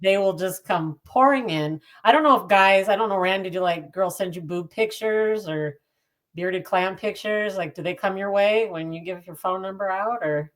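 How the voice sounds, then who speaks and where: A woman's voice: mid-range voice, moderate pace. A woman co-hosting a podcast, talking earnestly in casual chat and laughing easily. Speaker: podcast co-host.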